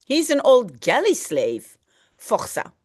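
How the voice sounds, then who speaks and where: A woman teacher reads from a novel in a slow, unhurried way, stopping to translate and explain each phrase. Her pitch rises and falls a lot as she speaks. The recording is dry and close, with no room sound. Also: wildly swooping pitch, a little mellow, husky, no room sound. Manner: patient, explaining vocabulary, peppered with "hein". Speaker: language teacher. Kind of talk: reading a French novel aloud and translating it line by line.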